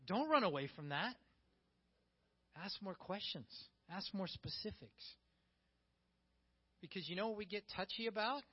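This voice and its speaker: A man preaching a sermon in an animated way, acting out quoted voices and swinging between soft and loud delivery. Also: sits high, a little slow, long pauses, lo-fi sound.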